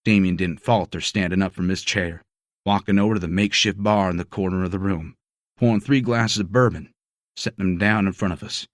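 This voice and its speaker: A man's voice: low-pitched, fairly even intonation, brisk, no room sound, studio quality. A man narrating a first-person romance audiobook in a gritty, profane storytelling manner.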